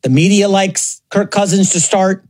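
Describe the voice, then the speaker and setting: A man with a high, light voice hosts a sports talk show. He talks. His commentary is opinionated and heavy with sarcasm, and he mocks other people's takes. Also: fairly even intonation, moderate pace, a little mellow.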